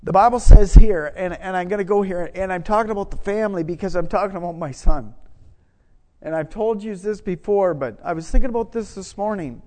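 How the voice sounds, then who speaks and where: A middle-aged man preaching a sermon, conversational and self-deprecating, building to loud emphatic moments. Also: high voice, fairly quick. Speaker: pastor. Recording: long hall reverb.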